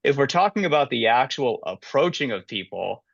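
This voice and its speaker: A man's voice: medium pitch, sing-song, moderate pace, gravelly, breathy edge, no room sound, lo-fi sound. A man co-hosting a podcast, giving thoughtful advice in a casual way, with many fillers. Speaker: podcast co-host. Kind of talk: casual chat.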